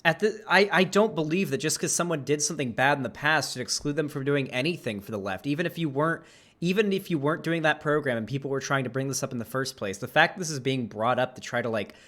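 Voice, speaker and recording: A man's voice: a little high, fast, a bit bright. A man from Florida giving casual reaction commentary over a video, rambling and chatty, full of asides and filler words. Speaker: reaction streamer.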